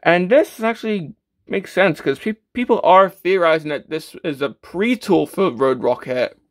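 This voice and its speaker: A man's voice: on the high side, expressive, a little slow. A man casually reviewing a toy, stammering often and filling gaps with "uh" and restarts. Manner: stammering, with many fillers and restarts; self-deprecating, matter-of-fact.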